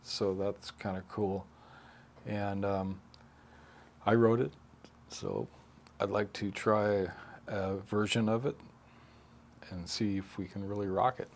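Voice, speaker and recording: Low-voiced man telling studio stories. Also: little pitch movement, slow, long pauses, a little hiss or hum. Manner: rambling, full of restarts and asides. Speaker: harmonica player and musician. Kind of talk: casual anecdotal interview storytelling.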